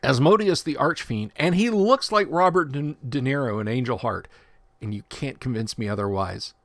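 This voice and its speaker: A man's voice: medium pitch, animated, normal speed, dry recording. A man hosting a casual livestream, reading tabletop rule text aloud and breaking off for joking asides and self-corrections. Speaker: livestream host.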